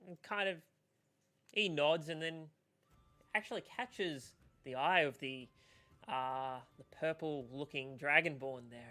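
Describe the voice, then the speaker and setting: A man's voice: on the high side, a little slow, pushed and bright. A man narrating a tabletop game as game master, hesitant, with many fillers.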